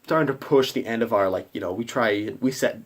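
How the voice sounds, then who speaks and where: A man's voice: medium pitch, fairly quick. A man who runs a tabletop game, giving a rambling, conversational recap of a session and acting out his players' reactions. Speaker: game master.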